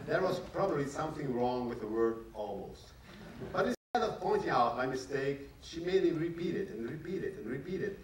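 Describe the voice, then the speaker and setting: Distant man reading prose aloud in an echoey hall. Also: mid-range voice. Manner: careful, measured reading in a second language. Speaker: author reading from his novel. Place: large library hall at a public event. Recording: echoey hall, distant mic, faint noise.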